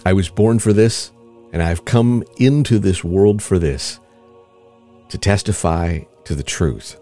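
A man reading aloud the words of a calm, accused teacher-king, measured and steady. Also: low-pitched, faint music behind.

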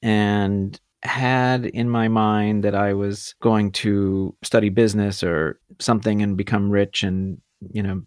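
Low-voiced man, rambling and self-deprecating. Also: steady tone, takes it slowly, few pauses, a little mellow, clear, resonant tone, no room sound, studio quality. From California. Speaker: guest food photographer. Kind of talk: casual interview storytelling.

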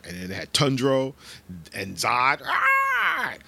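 Middle-aged guy riffing on his podcast, low voice swinging all over, laughing and cussing. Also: measured pace. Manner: animated, profane, laughing, bursts into shouted cartoon impressions. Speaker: podcast host. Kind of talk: casual rambling chat.

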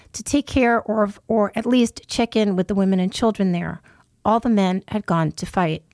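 A woman's voice: medium pitch, a little mellow, dry recording, clean studio sound. A woman reading her own first-person dispatch aloud, breaking off for wry conversational asides.

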